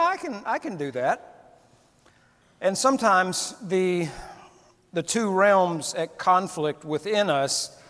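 A preacher giving a candid, conversational sermon and acting out little quotes. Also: male voice, on the high side. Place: church sanctuary. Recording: long reverb of a church hall.

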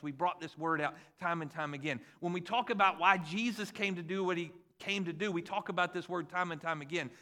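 A man in his forties, a pastor, preaching a conversational and animated sermon with jokes about his kids. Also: high-pitched. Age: 40s.

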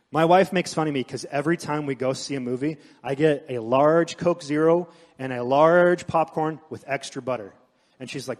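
A man preaching a sermon, mixing scripture with animated personal stories. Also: mid-range voice, brisk. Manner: storytelling, animated asides. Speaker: pastor. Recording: long hall reverb.

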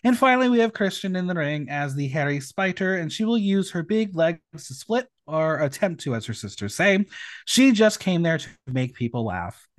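A man hosting a casual podcast recap, telling it in a lively, playful way with dry asides. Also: on the high side, moderate pace, dry recording. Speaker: podcast host.

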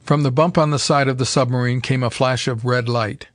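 Man, audiobook narrator, steady measured reading, middle pitch, dry close sound. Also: dry recording. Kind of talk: scripted narration.

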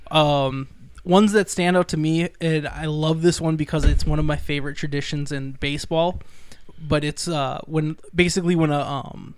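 A man's voice: fairly high pitch, steady tone, normal speed, clean tone, no echo. A man co-hosting a casual podcast chat, easygoing and agreeable, with frequent fillers. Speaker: podcast co-host.

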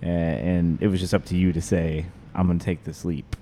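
A man interviewing a guest in relaxed, casual chat, encouraging and loose. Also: deep voice, normal speed, in a large hall, slight background noise.

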